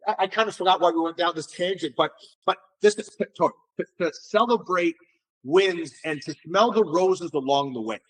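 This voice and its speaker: A middle-aged man, an entrepreneur being interviewed, telling stories in a casual, animated way and often repeating words as he restarts. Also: high voice, normal speed, husky. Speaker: entrepreneur guest.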